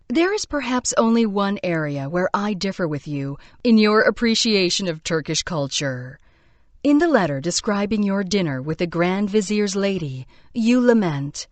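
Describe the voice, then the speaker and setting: A woman narrates a book of letters in a measured, expressive storytelling manner. Her pitch moves freely through each sentence, and the recording is close and dry, with no room sound. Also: dry recording. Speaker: reader of letters. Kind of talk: scripted narration.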